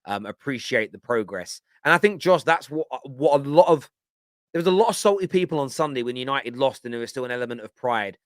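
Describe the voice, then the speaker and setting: A man's voice: medium pitch, lively intonation, fairly quick, no echo. Man, passionate football reaction, emphatic, dead-dry recording. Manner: passionate, emphatic, repeats himself. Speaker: fan channel pundit. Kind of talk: live fan reaction stream.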